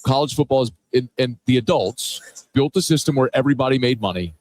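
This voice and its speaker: A man's voice: medium pitch, brisk, a little mellow, no echo. A man hosting sports radio, giving earnest, enthusiastic opinions in casual talk. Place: radio row booth at a big game.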